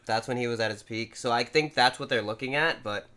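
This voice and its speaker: A man of middle pitch co-hosting a casual podcast. He recaps events with animated storytelling and slips into quick acted-out quotes. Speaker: podcast co-host.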